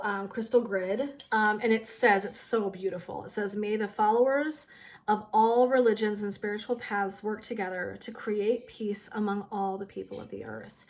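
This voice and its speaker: A woman's voice: medium pitch, a little mellow. A middle-aged woman hosting a wellness channel, chatting casually to her viewers and giggling through a funny story.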